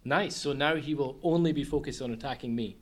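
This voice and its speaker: A man's voice: medium pitch, fairly quick. A man playing a tabletop game, joking and explaining his moves with fillers. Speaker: player. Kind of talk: casual tabletop game play.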